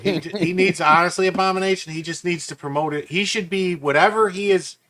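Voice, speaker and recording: A man's voice: high voice, steady tone, fairly quick, bright, forceful tone. A man jumping into a casual livestream chat, talking over the others.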